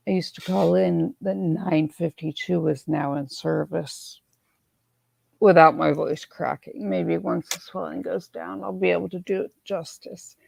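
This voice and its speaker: A woman hosting a casual live stream, hoarse from swelling in her neck, who chats in a self-mocking way and reads viewer comments aloud. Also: deep voice, mellow. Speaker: livestream host.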